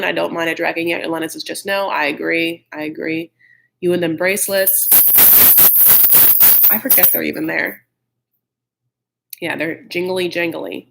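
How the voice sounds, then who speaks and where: A man's voice: high voice, creaky, fairly bright tone, slight background noise. A man hosting a live chat recap of a reality show, gossipy and blunt, with frequent "like" and mocking impressions of the cast.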